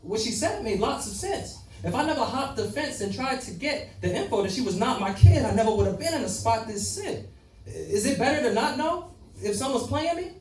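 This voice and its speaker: A man's voice: very high voice, animated, a little fast. A young man performing rhythmic, rhyming spoken-word poetry with dramatic swings. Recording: roomy echo, mic far off, faint ambience.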